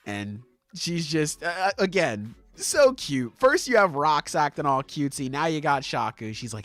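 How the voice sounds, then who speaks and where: A man co-hosting a podcast, recapping a manga chapter in casual chat, swearing freely and acting out the characters in quick voices. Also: fairly high pitch, sing-song, fairly bright tone, no room sound. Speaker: podcast co-host.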